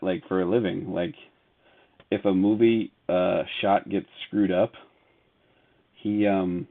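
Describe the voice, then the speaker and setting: Low and marked by vocal fry, this man's voice comes through tinny, phone-like audio as he runs a casual live sports card break. Between cards he chats with viewers and laughs a lot, reading player names off in a running list.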